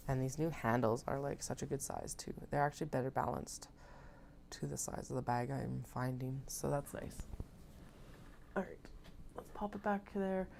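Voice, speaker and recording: A woman in her thirties with a very deep, gravelly voice talks her way through a sewing session at home, thinking aloud and poking fun at herself. Her tone is dark and mellow, and she drifts a little closer to and further from the mic as she works. A faint hiss sits under the recording. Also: normal speed. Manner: chatty, thinking aloud, self-mocking. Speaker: crafter live-streaming her sewing. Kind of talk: casual chat while working.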